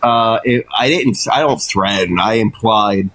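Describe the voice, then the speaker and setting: A man's voice: fairly low pitch, measured pace, a bit bright. A man chatting bluntly on a live stream, swearing and opening with "yo". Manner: blunt, swears, says "yo" a lot. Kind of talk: casual chat.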